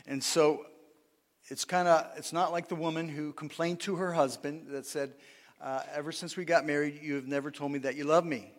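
A man's voice: on the high side, fairly even intonation, normal speed, big-room sound. A pastor preaching a sermon in a conversational way, often asking the congregation for responses and laughing at his own lines. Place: church sanctuary.

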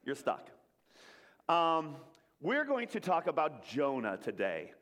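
A man gives a jokey, interactive sermon and gets the congregation to chant along. His voice sits a little high for a man. It rings out with the long reverb of a big hall. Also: wildly swooping pitch, slow, fairly bright tone. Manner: jokey, leads the crowd in call-and-response. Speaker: preacher. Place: church hall with an audience.

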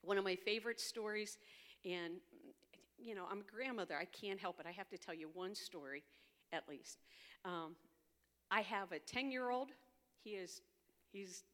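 A woman's voice: medium pitch, a bit bright. An older woman, a girls' ministry leader and grandmother, giving an earnest, heartfelt personal testimony as a storyteller. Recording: long hall reverb.

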